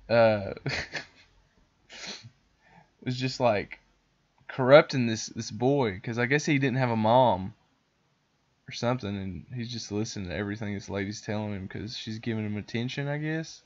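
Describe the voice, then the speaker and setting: Casting: a casual male podcast host, middle pitch, cursing storyteller, lo-fi sound. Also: normal speed, long pauses. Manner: rambling, profane, animated.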